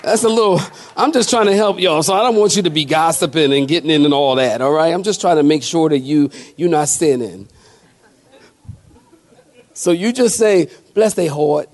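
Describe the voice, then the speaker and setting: A male pastor preaching a sermon in a folksy, animated way with quick asides to the congregation. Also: a little high. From not from the American South.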